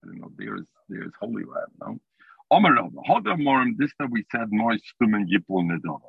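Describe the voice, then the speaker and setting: A man's voice: on the low side, very animated, fairly quick, vocal fry, husky, dry recording. A man teaching a Talmud class over the phone from his car, explaining the text in English mixed with Hebrew and Aramaic terms. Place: in a car while driving. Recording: tinny phone line.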